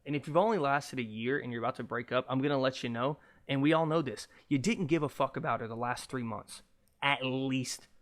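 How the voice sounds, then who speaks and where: A man's voice: medium pitch, fairly quick. A young man hosting a solo podcast, ranting casually, with lots of swearing and jokes. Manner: profane, animated, jokey. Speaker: podcast host.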